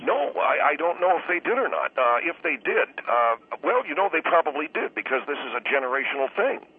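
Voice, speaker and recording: A man calling in as a guest author, defensive and halting, restarting his sentences often. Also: on the high side, sing-song, slightly rough. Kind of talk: call-in radio talk. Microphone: telephone. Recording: tinny phone line with faint hiss.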